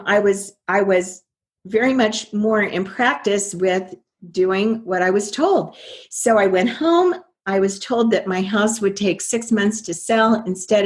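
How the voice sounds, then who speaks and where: An older woman, a guest in an interview, telling her story earnestly and quoting her own past thoughts. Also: mid-range voice.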